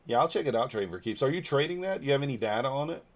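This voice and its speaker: A man's voice: medium pitch, animated, very fast. A man in his forties from Northeast Georgia, talking loosely and bluntly on a livestream while answering viewers' comments aloud. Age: 40s. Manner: blunt and loose, with mild swearing. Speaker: trading livestreamer. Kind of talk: casual livestream chat.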